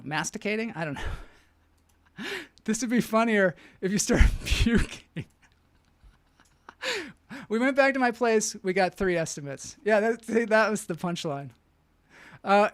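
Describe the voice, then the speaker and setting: Dry-voiced rambling comedian, laughing along. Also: male voice, high voice, fairly bright tone, dry recording. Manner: rambling and self-amused, often laughing at his own jokes. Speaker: comedian hosting a live online show. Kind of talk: casual comic storytelling and chat reading.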